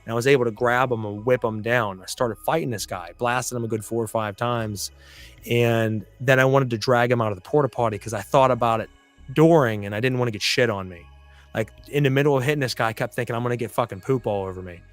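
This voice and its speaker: Guy hosting a podcast, swearing his way through a wild story, mid-pitch voice, a little music low in the back. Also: fast talker. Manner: profane, blunt storytelling. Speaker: podcast host. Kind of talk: storytelling monologue.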